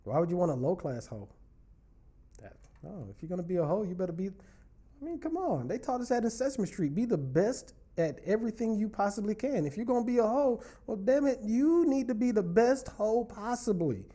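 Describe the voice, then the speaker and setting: A man's voice: high-pitched, lively intonation, normal speed, mellow. A man hosting a relationship talk show, chatting casually and playfully teasing his viewers as he reads their comments. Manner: playful, teasing, talks straight to the audience. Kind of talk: casual livestream chat reading viewer comments.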